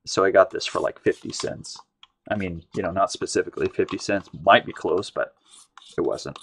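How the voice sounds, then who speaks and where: Low-voiced american guy rambling through his live paint stream, casual, keeps trailing off. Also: moderate pace, vocal fry, fairly bright tone, slight background noise. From United States. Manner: rambling, chatty, often trails off and restarts. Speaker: livestream art host.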